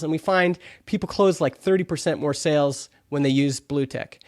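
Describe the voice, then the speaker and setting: A man's voice: on the high side, steady tone, a little fast, hardly any pauses, darkish tone, dry recording, clean studio sound. A male podcast host talking in a casual, chatty and upbeat way, acting out little quoted exchanges as he goes.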